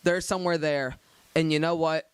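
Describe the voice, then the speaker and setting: A man's voice: on the high side, steady tone, normal speed, clean tone. A young man co-hosting a podcast, rambling through a story in casual chat, swearing and laughing often. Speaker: podcast co-host.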